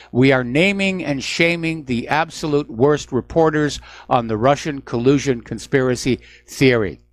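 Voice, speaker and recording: Male radio talk host, news commentary, emphatic, indignant, mid pitch, dry close sound. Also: no room sound.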